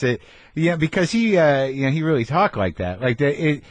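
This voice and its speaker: A man's voice: fairly high pitch, very animated, moderate pace. A man hosting a podcast in casual interview chat, reflective and swearing offhandedly, recorded in a garage studio. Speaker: podcast host.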